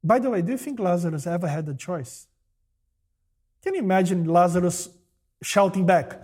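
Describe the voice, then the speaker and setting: A man preaching a sermon in a husky voice that sits high and swings widely in pitch. He speaks slowly and acts out the voices of the people he quotes. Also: sing-song, a little mellow. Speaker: pastor.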